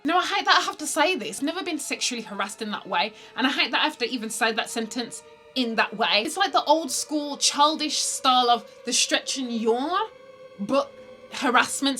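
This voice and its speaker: A young woman vlogger telling a dating story, swinging between loud exclamations and hushed asides. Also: high-pitched. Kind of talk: storytime vlog.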